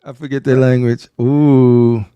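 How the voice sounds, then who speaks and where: A man co-hosting a casual podcast, chatting about a TV episode and acting out scenes in quick voices. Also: medium pitch, flat delivery, mellow, muffled recording. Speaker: podcast co-host. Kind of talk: casual watch-along chat.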